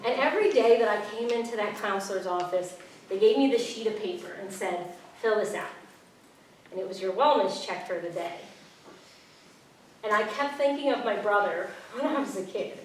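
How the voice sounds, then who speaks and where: A woman's voice: medium pitch, expressive, normal speed, heavy reverb, recorded from a distance, slight background noise, low-quality recording. A young woman telling her own story with frankness and humor, acting out the people in it. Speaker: speaker sharing her story. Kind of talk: personal storytelling talk. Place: talk venue.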